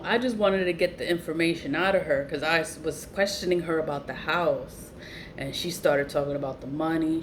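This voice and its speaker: A woman, telling her story in a low voice that jumps high whenever she is incredulous. She swears freely and talks bluntly. Faint hiss sits under her voice. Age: 40s. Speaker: vlogger. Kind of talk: casual storytelling to camera.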